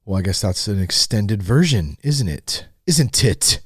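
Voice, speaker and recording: A man's voice: on the low side, sing-song, unhurried, slightly rough, no room sound, clean studio sound. A man hosts a podcast, reading an article aloud in a joking way and mocking its wording. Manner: playful, mocks the wording, laughs often. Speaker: podcast host. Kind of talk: joking read-through of an article. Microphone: studio mic.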